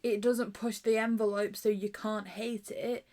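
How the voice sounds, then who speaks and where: A woman from the UK co-hosting a review podcast in casual chat, teasing and quick to push back on her co-host. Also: mid-range voice, flat delivery, darkish tone.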